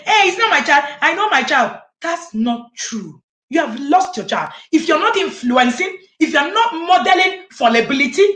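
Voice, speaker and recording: Emphatic woman coach with a lively voice. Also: sits high, echoey room. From Nigeria. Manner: emphatic, preachy, repeats key phrases. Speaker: parent coach speaking at a conference. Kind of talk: conference talk. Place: conference hall.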